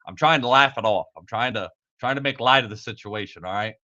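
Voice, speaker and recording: A man's voice: medium pitch, fairly quick, pushed and bright, muffled recording. A man hosting a live podcast in casual, profane talk, laughing at his own slip-ups. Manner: swears a lot, laughs off his own mistakes. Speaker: podcast host.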